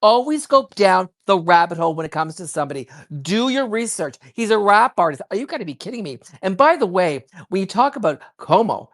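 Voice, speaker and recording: A woman giving heated, rapid political commentary, worked up and emphatic, with frequent restarts. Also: medium pitch, very animated. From child of immigrants.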